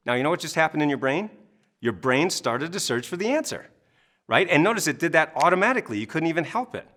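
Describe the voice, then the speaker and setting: A man in his fifties from Maine, a coach telling his story in an interview, energetic, laughing often and acting out his audiences. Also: a little high, fast. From Maine, USA.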